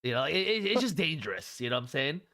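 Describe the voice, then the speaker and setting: A man's voice: on the high side, sing-song, fast, bright, forceful tone. A man co-hosting a casual livestream show, rambling, often talking to chat and laughing. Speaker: podcast co-host.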